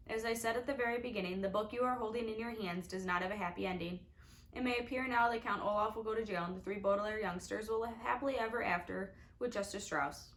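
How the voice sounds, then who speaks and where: A woman's voice: medium pitch, a bit bright, a little hiss or hum, poor audio. A woman narrating a storybook with wry, confiding asides to the reader. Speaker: audiobook reader.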